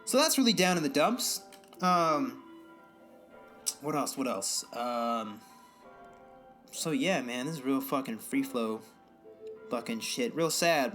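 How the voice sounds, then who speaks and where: A man's voice: mid-range voice, expressive, slow, pauses often, a bit bright, soft background music. A young man co-hosting a casual podcast, rambling and swearing through exasperated rants. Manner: rambling, profane, exasperated ranting. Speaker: podcast co-host.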